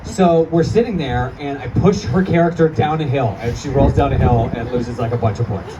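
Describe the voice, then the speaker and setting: A man's voice: mid-range voice, normal speed, highs cut off. Guy doing stand-up, swears a lot, laughs at his own bits, kinda far off mic, club noise behind. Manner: profane, self-mocking, laughing through punchlines. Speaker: stand-up comedian. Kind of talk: stand-up comedy set. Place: comedy club before a live crowd. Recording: distant stage audio with crowd noise. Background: audience laughter and chatter.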